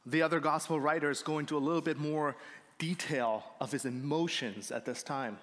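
A man's voice: fairly high pitch, moderate pace, a bit bright. A male pastor delivering a sermon, earnest and building up to emphatic points, recorded in a church. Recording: long reverb of a hall.

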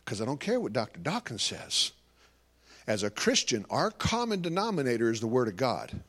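A man's voice: mid-range voice, huge pitch swings, moderate pace, fairly bright tone. A man giving a live talk to an audience as a Christian ministry speaker, telling stories animatedly and acting out conversations.

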